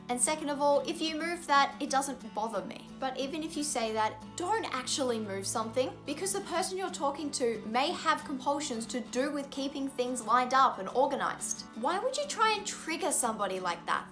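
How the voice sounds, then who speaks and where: A young woman with a high, bright, ringing voice talks straight to camera, earnest and openly frustrated, leaning on repeated words for emphasis. Soft music plays faintly underneath. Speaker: vlogger. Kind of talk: explanatory vlog to camera.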